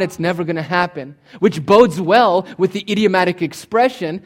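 A man's voice: on the high side, fairly quick, hardly any pauses. A man preaching a sermon, teaching from Greek words with emphatic, swinging delivery and touches of humor. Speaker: pastor.

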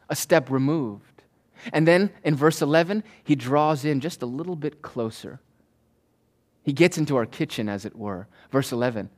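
A man preaching a sermon to his church in an emphatic, rhythmic way, repeating key phrases and slowing down to stress words. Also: lively intonation. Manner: swings between soft low asides and loud raised declarations. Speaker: pastor.

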